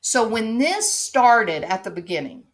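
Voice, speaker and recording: A woman's voice: a little high, big pitch swings, a little slow. A woman hosting an opinion commentary, sarcastic and pointed, driving her case with rhetorical "right?" questions. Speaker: commentary show host.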